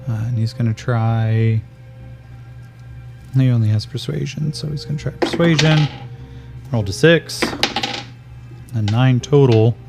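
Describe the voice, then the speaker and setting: A man acting as game master narrates a solo tabletop game, calling out dice rolls in a measured way. He has a medium-pitched, creaky voice, heard over music.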